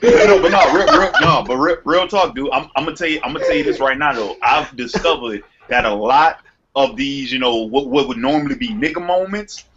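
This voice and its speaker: A man co-hosting a casual chat, lively and profane, acting out what he'd say and laughing often. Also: mid-range voice, fairly quick, a crowd in the background. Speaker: podcast co-host. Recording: dull lo-fi recording.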